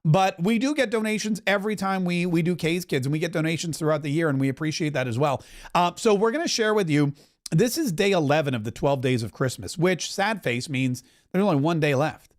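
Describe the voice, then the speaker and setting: A middle-aged man from Canada hosting a political podcast, joking and animated as he talks. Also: fairly high pitch, brisk. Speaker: podcast host.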